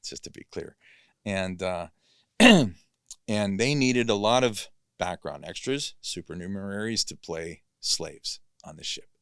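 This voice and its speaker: A man's voice: low-pitched, animated, slow, a bit bright, clear, resonant tone, no room sound. A male actor, a guest in a podcast studio, telling a long story in a casual, rambling way, often correcting himself and filling gaps with "you know".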